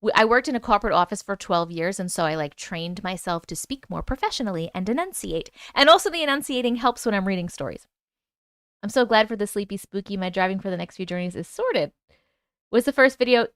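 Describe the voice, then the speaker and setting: Lively chatty woman with a New York accent. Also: mid-range voice, no room sound, clean studio sound. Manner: chatty, animated, reads comments aloud. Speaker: live stream host. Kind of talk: casual live chat, reading viewer comments.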